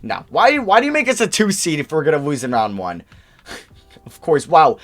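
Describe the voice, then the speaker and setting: A young man giving casual, chatty commentary over a basketball video game, thinking aloud and reacting quickly as he plays. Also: medium pitch, sing-song. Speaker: gaming YouTuber.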